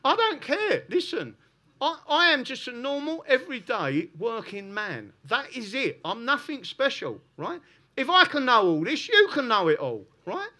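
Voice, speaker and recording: A man's voice: extremely high pitch, big pitch swings, moderate pace, bright, forceful tone. A middle-aged man with a South London accent giving a fervent, unscripted talk to an audience, peppering his points with "listen" and "right?". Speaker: public speaker.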